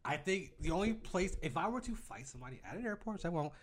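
Brief: male podcast co-host, slightly high voice, very animated pitch, profane and joking, casual banter. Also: quick pace, husky. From California.

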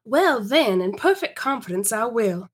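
Woman reading high, prim Victorian girl, breathless confiding storyteller. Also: big pitch swings, measured pace, breathy edge, heavily acted. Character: prim Victorian young woman telling a secret.

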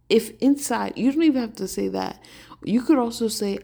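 A woman hosting a podcast, talking in a relaxed, conversational way and telling stories with lots of "like"s. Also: a little high, normal speed, vocal fry. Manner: animated storytelling. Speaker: podcast host. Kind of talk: casual spiritual talk.

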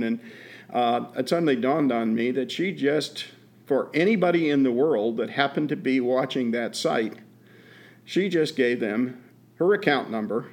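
A man co-hosting a podcast, telling stories in a folksy, unhurried way. He fills pauses with frequent "uh"s and restarts his sentences. His voice sits at a middle pitch. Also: a little mellow. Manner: folksy storytelling with many "uh" fillers and repeats. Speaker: podcast co-host. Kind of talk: casual chat.

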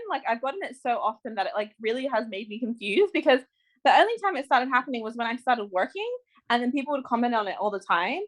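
Chatty young Australian woman, higher voice. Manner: chatty, rambling with many likes. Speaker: podcast co-host. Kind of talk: casual chat.

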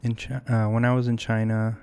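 Hesitant young man with a low, flat voice. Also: brisk, clear, resonant tone. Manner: hesitant, reflective, many restarts. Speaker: podcast guest. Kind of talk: casual conversational interview.

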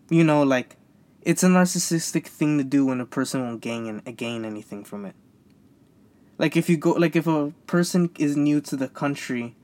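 A man's voice: on the high side, a little mellow. A young man rambling in a casual solo podcast, stammering and repeating himself, frustrated and venting. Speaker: podcast host.

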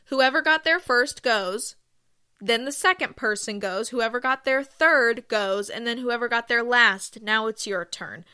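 A woman hosting her own podcast, rambling through casual stories with self-deprecating asides and bursts of excitement. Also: a little high, measured pace, clean tone. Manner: gushes with excitement. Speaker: podcast host. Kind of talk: casual solo podcast chat.

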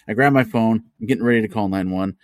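A man hosting a casual podcast chat over drinks, telling stories in a profane, animated way. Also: lowish voice, fast, dry recording, studio quality. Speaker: podcast host.

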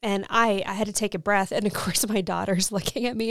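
Woman in her 30s chatting on a faith podcast, smooth clear voice, earnest and emotional. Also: mid-range voice, fairly even intonation, brisk, few pauses, fairly bright tone, no echo, clean studio sound. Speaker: podcast co-host.

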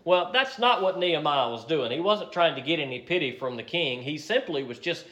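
A man preaching in a slightly high voice. He teaches through a Bible passage in a relaxed, conversational way, often pausing on fillers and restarting his sentences. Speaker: pastor. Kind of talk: sermon.

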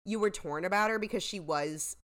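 A woman's voice: mid-range voice, a little fast, a bit bright. A woman co-hosting a podcast in casual chat, rambling and trailing off with lots of "like" and "you know". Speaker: podcast co-host.

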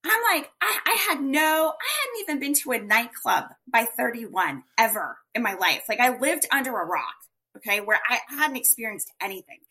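A woman telling her story as a guest in a podcast interview, chatty and animated, with many fillers. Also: on the high side, normal speed, few pauses, breathy edge.

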